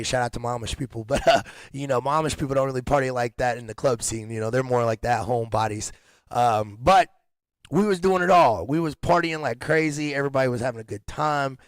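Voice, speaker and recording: A man's voice: medium pitch, clean tone, no echo. A man hosting a casual podcast chat, rambling in slang with frequent restarts and laughter. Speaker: podcast host.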